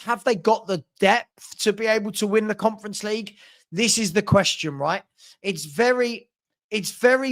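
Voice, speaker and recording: A man's voice: high-pitched, a bit bright. A man hosting a live-stream football Q&A, reading out viewer questions and answering bluntly, often stumbling and repeating himself.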